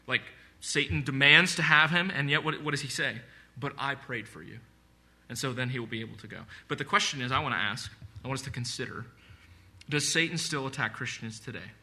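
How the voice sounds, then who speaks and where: A man's voice: medium pitch, fairly quick, sharp tone. A man preaching a sermon, speaking earnestly and conversationally with repeated phrases and asides. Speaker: pastor.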